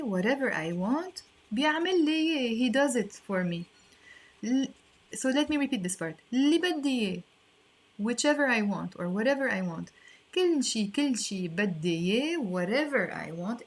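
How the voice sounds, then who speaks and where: A woman teaching an online lesson, explaining patiently and repeating phrases slowly. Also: mid-range voice, breathy edge. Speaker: language teacher.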